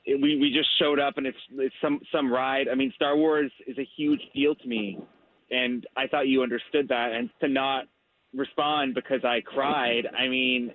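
A man's voice: medium pitch, fairly even intonation, no echo. Guy on the phone to a radio show, sounds hurt, keeps stumbling over words. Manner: aggrieved, halting, repeats himself. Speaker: caller on the phone. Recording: tinny phone line with faint hiss.

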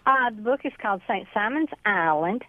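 A woman's voice: mid-range voice, lively intonation, normal speed, no echo. A woman from Georgia with a Southern drawl, chatting easily as a guest on a morning interview show. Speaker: author and guest. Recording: dry, thin phone-like sound.

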